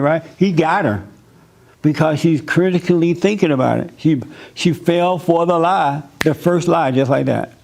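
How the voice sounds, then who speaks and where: A male pastor delivers a loose, humorous sermon in a conversational tone and circles back over his points. His voice sits on the higher side for a man. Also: moderate pace, creaky. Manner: conversational, joking, repeats himself.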